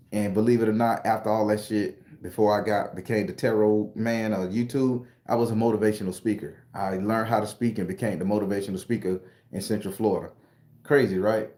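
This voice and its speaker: A middle-aged man from South Carolina, casually telling stories and answering viewer comments on a livestream in a loud, profane, laughing way. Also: lowish voice. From South Carolina, USA. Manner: animated, profane, laughing storyteller. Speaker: YouTube tarot reader and storyteller. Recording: roomy echo.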